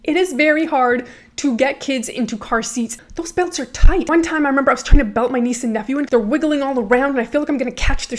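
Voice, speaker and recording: Casual woman host, rapid chatty delivery, quick laughs. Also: high-pitched. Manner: chatty, laughs often, animated quoting. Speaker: host reacting to comedy clips. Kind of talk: casual chat.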